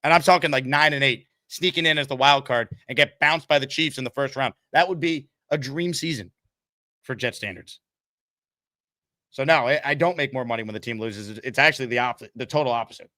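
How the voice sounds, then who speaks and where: A man hosts a live sports talk show, reading out viewer comments and taking calls. His voice is bright and forward. The sound is dry and close. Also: mid-range voice, fairly quick, no echo. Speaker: host.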